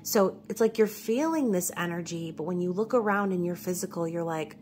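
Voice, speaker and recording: Chatty woman reading tarot, low voice. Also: fairly quick, few pauses, over music. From New York. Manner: chatty, reassuring, frequent "okay?" check-ins. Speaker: tarot reader.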